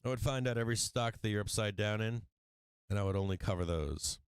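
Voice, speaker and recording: A man's voice: lowish voice, a little fast, clean tone, no room sound. Blunt, profane man hosting a trading stream. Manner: blunt, profane, laughs often. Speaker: stock market livestream host. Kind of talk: casual trading livestream talk.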